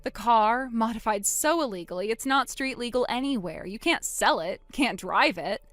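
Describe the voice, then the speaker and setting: A woman voicing a wronged older sister in a dramatized text-message story, speaking quietly and deliberately. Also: fairly high pitch, animated, dry recording. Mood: cold.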